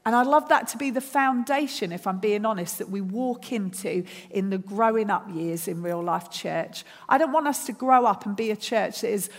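A woman's voice: medium pitch, animated, normal speed, hardly any pauses, in a large hall. A woman preaching a sermon at a church service. She speaks earnestly and builds her points through repeated phrases.

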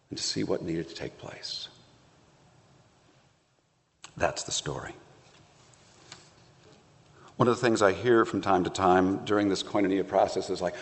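A pastor preaching a conversational sermon, telling the story playfully with acted asides. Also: male voice, lowish voice, long reverb tail.

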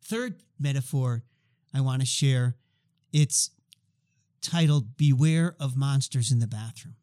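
A man's voice: medium pitch, takes it slowly. A man in his fifties, a guest expert, telling stories in conversation and acting out the dialogue. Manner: animated, acts out dialogue in stories. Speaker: guest expert on healthcare change. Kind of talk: conversational storytelling.

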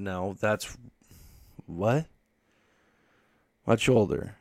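A man's voice: medium pitch, measured pace. A man hosting a podcast, telling a rambling, profane story in casual monologue and reading articles aloud with his own asides. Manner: profane, rambling, animated when quoting himself. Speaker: podcast host.

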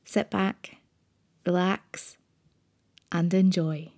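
A woman's voice: fairly low pitch, steady tone, drawn-out words, vocal fry, a little mellow. Chatty woman host. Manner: chatty, rambling, fond storytelling. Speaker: podcast host. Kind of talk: casual chat.

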